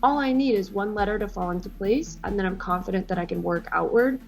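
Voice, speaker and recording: A woman's voice: mid-range voice, quick pace, gravelly, a little mellow. A woman speaks in a reality show confessional. She sounds anxious and hard on herself. Faint music runs underneath. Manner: anxious, self-critical. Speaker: reality competition contestant. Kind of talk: confessional interview.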